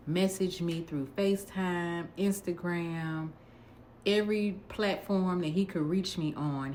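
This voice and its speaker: Low-voiced, sassy woman telling a story. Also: slight background noise. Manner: sassy, animated, blunt. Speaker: vlogger telling a dating story. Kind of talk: casual storytelling.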